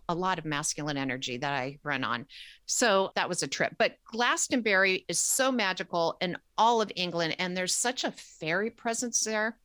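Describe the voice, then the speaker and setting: Woman, casual storyteller, bright forceful voice, lowish pitch, dry sound. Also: dry recording. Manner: animated, lively storytelling.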